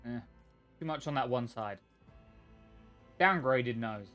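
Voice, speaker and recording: A man with an expressive, medium-pitched voice talks slowly, with long pauses, while streaming a video game; the highs are cut off and faint music plays behind. His commentary is casual, chatty, and profane as he thinks aloud, reacts, and now and then reads in-game text.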